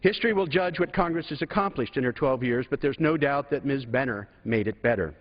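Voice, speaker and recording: A man giving a measured, gracious tribute speech as a congressman in a large legislative chamber, at a podium microphone. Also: mid-range voice. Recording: reverberant chamber, dull broadcast audio.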